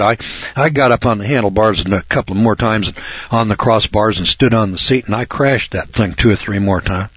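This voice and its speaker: Older husky-voiced man telling a folksy story. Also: fairly low pitch, no echo. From Northern California. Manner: folksy, repeats words for emphasis. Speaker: reporter. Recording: dull lo-fi recording.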